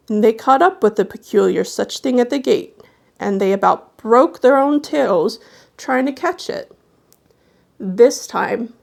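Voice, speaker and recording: A woman reading a folksy horror tale aloud, then chatting softly and hesitantly to her viewers. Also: fairly high pitch, gravelly. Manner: folksy storytelling dialect, then soft hesitant chat. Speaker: storyteller.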